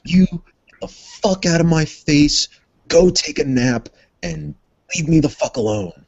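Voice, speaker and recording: A man putting on a crude, bossy young man who barks orders and insults. His voice is pushed high and loud, well above the performer's own, with a slow, heavy delivery. The recording is dry and slightly muffled. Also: creaky. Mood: angry.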